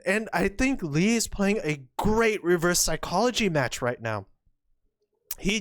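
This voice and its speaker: A young woman giving excited commentary on a board game, gushing and exclaiming as she acts out the players' imagined thoughts. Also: mid-range voice, no echo, studio quality.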